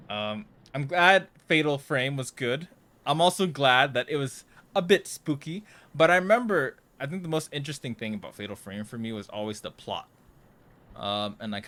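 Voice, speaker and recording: A young livestreamer with a mid-range, fairly bright voice plays a horror game live while chatting casually with viewers. He sounds jittery and nervous, often trailing off into mumbles.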